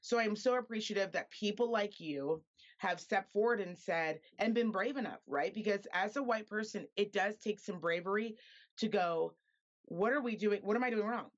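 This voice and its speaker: Woman guest from Reno, mid-pitched, impassioned and emphatic, dull lo-fi sound. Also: normal speed. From Reno, Nevada, US. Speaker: podcaster guest. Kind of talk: earnest conversation.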